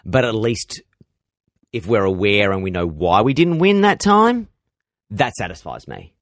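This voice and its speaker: A man's voice: on the low side, sing-song, a little slow, no echo, studio quality. An Australian man, a radio presenter, answering interview questions with lots of energy, repeating words and restarting sentences. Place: radio station office.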